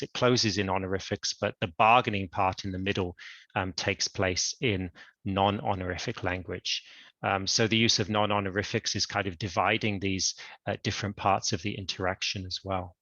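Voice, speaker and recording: A male university lecturer giving an online academic lecture, explaining in a measured way. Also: on the low side, bright, forceful tone, no room sound, highs cut off. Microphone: computer mic on a video call.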